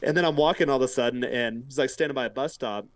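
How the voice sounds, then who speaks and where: Fast-talking man swearing casually. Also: medium pitch, no room sound. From United States. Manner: swears casually, acts out quotes. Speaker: podcast guest. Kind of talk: casual storytelling.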